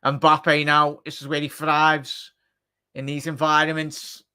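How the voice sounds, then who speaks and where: A man calls the match live for a fan watchalong. His voice is bright and a touch high, with a clean, crisp tone. He chats and cracks jokes between plays, then shouts when a chance comes. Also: slow pace. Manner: excitable, shouts at big chances; chatty, jokey asides. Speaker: watchalong commentator.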